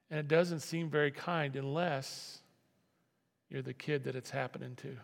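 A man's voice: a little high, steady tone, moderate pace, gravelly. A man preaching a sermon as pastor, talking in a conversational way that repeats and restarts phrases. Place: church sanctuary. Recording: long reverb of a hall.

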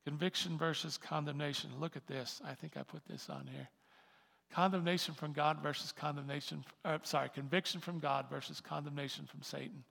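A male pastor preaches in a large hall with a long echo. His voice sits a bit high and carries a gravelly edge. He moves from soft, close asides to loud, fervent emphasis. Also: steady tone, brisk. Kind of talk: sermon.

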